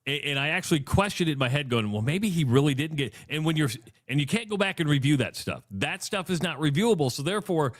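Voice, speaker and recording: A man's voice: a little high, animated, fast. A male sports radio co-host in casual chat, emphatic, who reads out listener comments.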